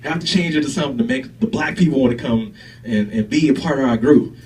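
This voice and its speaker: A man voicing an excitable, flustered male underling, pitched up and exclaiming, in a stand-up bit. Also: fast talker, recorded from a distance, close to an everyday voice. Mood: hesitant.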